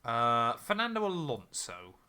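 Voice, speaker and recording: A young man co-hosting a podcast in casual chat, thinking aloud and filling gaps with ums. His voice is bright and lively, rising and falling a lot. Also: mid-range voice, unhurried, clear, resonant tone. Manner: thinks aloud with many ums, quiz answers. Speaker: podcast co-host.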